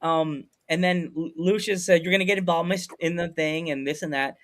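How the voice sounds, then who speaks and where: Animated man telling a story. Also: fairly high pitch, normal speed. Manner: animated storyteller acting out quotes. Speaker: podcast host. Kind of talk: casual storytelling chat.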